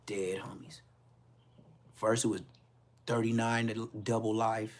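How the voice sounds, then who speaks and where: A man's voice: fairly low pitch, little pitch movement, takes it slowly. Chill guy telling a story on his podcast, lots of slang, does everyone's voices. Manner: laid-back, heavy slang, acts out quotes. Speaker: podcast host. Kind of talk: casual storytelling.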